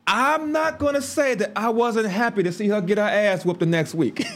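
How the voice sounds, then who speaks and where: A man's voice: sits high, normal speed. A man, telling stories casually on a livestream with laughs and asides. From Chicago. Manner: animated storytelling with laughs and asides. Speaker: livestream host.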